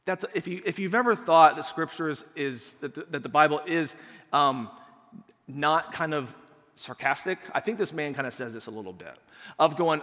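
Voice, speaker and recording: A man preaching a conversational sermon, casual and animated, acting out the people in the passage and saying "like" a lot. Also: fairly high pitch, moderate pace, in a large hall. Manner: casual, animated, acts out quotes and says "like" a lot.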